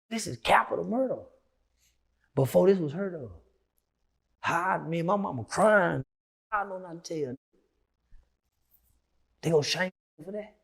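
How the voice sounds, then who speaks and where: A middle-aged man telling a story as an interview guest, profane and heated, dropping to low mutters and then shouting. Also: expressive, moderate pace, creaky, long pauses.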